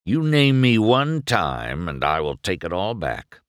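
Man doing a stern, grumbling older race car, bitter and unhurried, dry sound. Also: sits low, huge pitch swings, smooth, no room sound, heavily acted.

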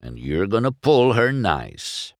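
A man voicing a gruff, commanding old male car who acts as town judge in a storybook reading. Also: on the low side, very animated, slow, dry recording, clean studio sound, voice pushed up, heavily acted. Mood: stern. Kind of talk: storybook character voice.

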